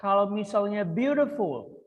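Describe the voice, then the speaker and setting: A woman's voice: mid-range voice, lively intonation, moderate pace, in a large hall, dull audio. A woman with an Indonesian accent teaching English grammar, coaxing and repeating words for her pupils.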